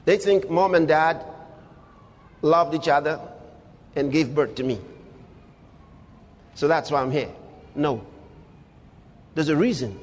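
A man preaching a sermon, emphatic, with big swings in loudness and a husky voice. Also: a little high, slow pace, pauses often. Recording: long hall reverb.

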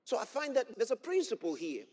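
Preaching fairly quickly, this man's high, slightly rough voice rises and falls with energy as he hammers key phrases through repetition. Scripture comes in old-fashioned wording, his sermon climbs to shouts, and a large hall's long reverb rings around him.

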